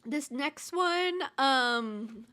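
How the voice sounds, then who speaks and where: A woman's voice: sits high, expressive, drawn-out words, pushed and bright. A young woman streamer reading online stories aloud and chatting casually with her viewers. She is laid-back, swears freely and talks while eating snacks.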